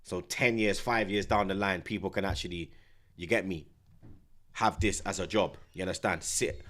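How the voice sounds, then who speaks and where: A man, a football streamer talking in a loud, swaggering rant full of repeated slang tags. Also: deep voice. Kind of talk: casual boastful rant.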